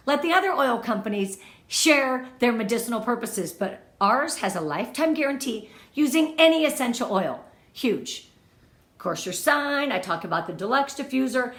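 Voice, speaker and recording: A woman with a slightly high voice coaches her sales team through an online party presentation, talking in an upbeat, gushing way. She speaks from her home in front of her product display wall. The room around her is echoey. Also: a bit bright. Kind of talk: training talk on giving online party presentations.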